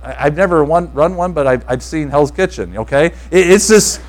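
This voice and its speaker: A man preaching to a congregation in a relaxed, storytelling way, often restarting his sentences and tossing asides to the listeners. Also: fairly high pitch, moderate pace, low-quality recording. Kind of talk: informal sermon storytelling.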